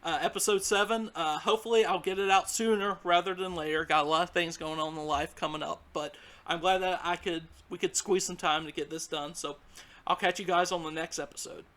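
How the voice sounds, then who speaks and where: High, bright Southern US man hosting. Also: steady tone, a little fast. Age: 20s. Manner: loose, swears freely, laughs often. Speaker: podcast host. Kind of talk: casual podcast chat.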